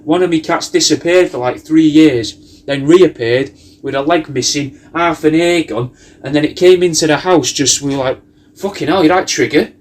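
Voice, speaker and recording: Brief: male comic, pitched a little high, rambling and sweary, spinning absurd tangents. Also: normal speed. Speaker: comedian recording a personalised video message.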